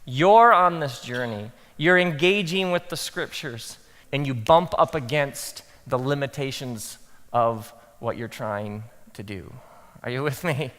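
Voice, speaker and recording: A man speaking as a pastor to a live audience, telling animated stories and acting out his own thoughts in soft asides. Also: medium pitch, unhurried, long reverb tail. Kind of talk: talk to pastors, animated storytelling.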